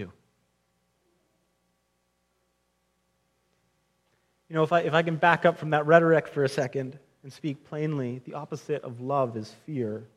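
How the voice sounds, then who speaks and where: A young male pastor delivers a sermon in an earnest, chatty way. His voice sits a little high for a man, and he often restarts phrases as he speaks straight to his listeners. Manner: earnest, conversational preaching with frequent restarts and direct address to friends.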